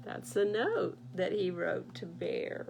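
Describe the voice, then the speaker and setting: A woman librarian reading picture books aloud at a baby storytime, animated and sing-song, talking to little listeners. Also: lowish voice, slow pace, vocal fry, background noise. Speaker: children's librarian.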